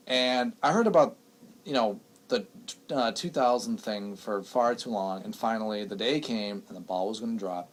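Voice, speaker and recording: A man's voice: fairly low pitch, normal speed. A young man co-hosting a small radio show, telling stories animatedly and laughing often. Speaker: radio co-host. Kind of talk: casual radio banter.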